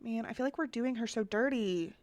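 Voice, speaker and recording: A woman's voice: on the high side, brisk, darkish tone, no room sound. A woman giving casual, chatty commentary as she builds characters in a life-sim game, thinking aloud and often talking straight to her viewers. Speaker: Sims content creator.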